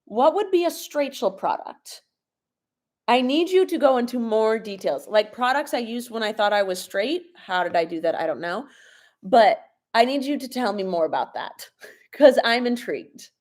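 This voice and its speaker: Young woman vlogger, casual live-stream chat, slightly sick with sniffles, quick to laugh. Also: on the high side, lively intonation, darkish tone. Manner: chatty, laughs often, answers viewer questions. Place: home, at a laptop in the kitchen. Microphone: laptop or phone camera propped up.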